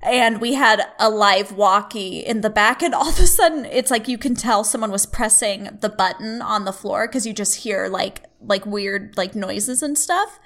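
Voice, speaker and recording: A woman's voice: mid-range voice, moderate pace, hardly any pauses, a bit bright. A young woman co-hosting a casual podcast, telling a story while cry-laughing and giggling. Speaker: podcast co-host. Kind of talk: casual chat.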